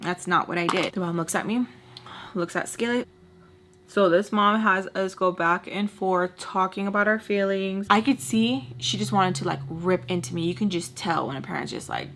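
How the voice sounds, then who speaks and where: Animated young woman telling a story. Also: on the low side, moderate pace, a little hiss or hum. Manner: animated, acts out quotes, talks to viewers. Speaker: storytime vlogger. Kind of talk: casual storytelling.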